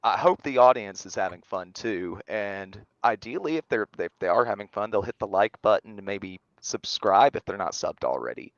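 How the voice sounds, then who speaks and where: A man co-hosting a casual show review, speaking in a measured, analytical way with frequent restarts. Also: on the low side, animated, dry recording, highs cut off. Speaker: podcast co-host.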